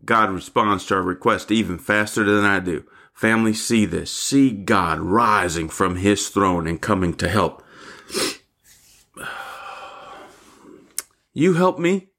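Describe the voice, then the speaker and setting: A man's voice: low-pitched, steady tone, normal speed, few pauses, bright, forceful tone. An older man giving a fervent devotional sermon as a pastor, calling his listeners family. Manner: fervent, repeats calls of "family" and "hallelujah".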